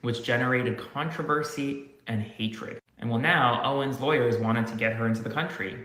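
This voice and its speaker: A man's voice: mid-range voice, sharp tone, reverberant. A man giving short news commentary and pointing viewers to his updates.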